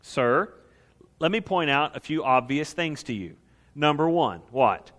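A preacher voicing a sarcastic, cynical Samaritan woman with mocking questions, in a fairly high voice. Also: expressive, a little slow, a bit bright, in a large hall.

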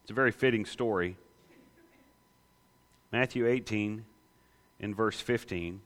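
A pastor preaching a sermon, emphatic and quick to pose rhetorical questions to the congregation. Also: male voice, on the low side, fairly bright tone, long reverb tail.

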